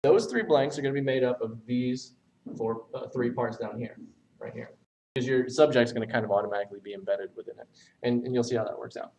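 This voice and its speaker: A man's voice: mid-range voice, darkish tone, far from the mic, slight background noise, rough recording. Man teaching a writing lesson. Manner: talks while writing on a board, pausing and self-correcting.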